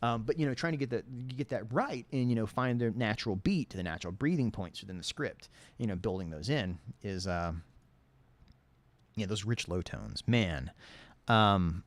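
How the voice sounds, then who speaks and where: A man's voice: moderate pace, dry recording. A man with a lisp answering viewer questions in a casual livestream chat, rambling and self-deprecating. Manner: animated, swings between low and high tones.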